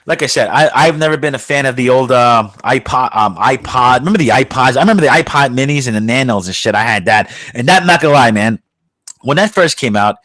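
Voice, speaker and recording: A man hosts a podcast, ranting bluntly and swearing freely. His voice sits at an ordinary pitch and is recorded dry, with no room sound. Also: lively intonation, a little fast, fairly bright tone, dry recording. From New York. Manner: profane, blunt, heated ranting. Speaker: podcast host. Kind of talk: casual podcast rant.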